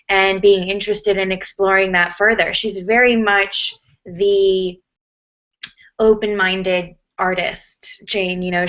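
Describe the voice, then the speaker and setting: A woman's voice: mid-range voice, fairly bright tone. An American woman answering interview questions casually, chatty with lots of fillers and restarts. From United States. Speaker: actress, interview guest. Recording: muffled lo-fi audio.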